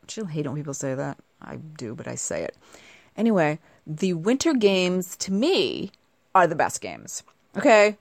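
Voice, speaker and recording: A woman's voice: lowish voice, no room sound, clean studio sound. A woman in her forties from the United States, talking in a casual, rambling monologue and often asking rhetorical questions. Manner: chatty, animated, asks rhetorical questions.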